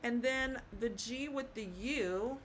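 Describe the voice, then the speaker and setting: A woman teaching Spanish pronunciation in a slow, patient classroom manner, repeating words and checking in with "okay?". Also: fairly high pitch, noisy background.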